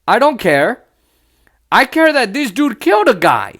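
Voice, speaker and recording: A man's voice: very high voice, sing-song, unhurried, a bit bright. A man hosting a solo podcast, talking bluntly and with passion, breaking into mocking asides. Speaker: podcast host.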